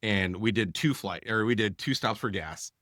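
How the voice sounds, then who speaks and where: A man co-hosting a podcast, telling a long anecdote in a casual, animated way and acting out the dialogue, with many fillers. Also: lowish voice, moderate pace, no room sound, clean studio sound. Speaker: podcast co-host. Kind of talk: casual storytelling.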